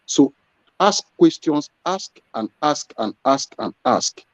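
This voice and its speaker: A man's voice: a little high, animated, slow, no room sound. A man, a business owner, answering interview questions in an earnest storytelling way. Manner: earnest, storytelling with acted quotes. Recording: dull lo-fi sound.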